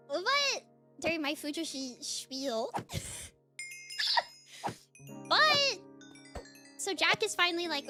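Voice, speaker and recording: A woman streamer chatting casually, excitedly rambling through a story recap with lots of fillers. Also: very high voice, very slow, pauses often, over music.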